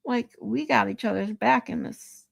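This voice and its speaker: A woman's voice: fairly high pitch, normal speed, creaky. A woman streaming live, chatting casually with viewers, laughing often and swearing loosely. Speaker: live streamer reading chat.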